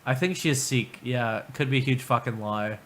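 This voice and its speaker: A man's voice: mid-range voice, moderate pace, a bit bright, slight background noise. A man hosting a livestream, commenting casually with profane, sarcastic remarks. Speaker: livestream host.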